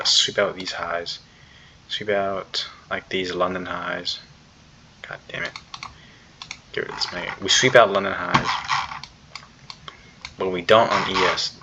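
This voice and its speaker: A man's voice: lowish voice, gravelly. A young man giving a casual, rambling recap of his trading day at his computer, full of fillers and slang. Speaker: day trader. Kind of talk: casual screen-recorded trade recap. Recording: slightly dull, faint background noise.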